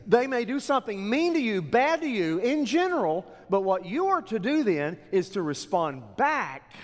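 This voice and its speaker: A middle-aged male pastor preaching a sermon in a church, dropping low and then rising to emphatic exhortation. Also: big pitch swings, moderate pace. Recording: long hall reverb.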